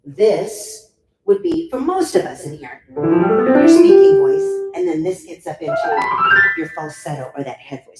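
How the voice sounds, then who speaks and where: A woman's voice: sits low, a bit bright. A middle-aged woman vocal coach giving a chatty, demonstrative workshop talk. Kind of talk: workshop teaching. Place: club workshop room. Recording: roomy echo, faint room noise.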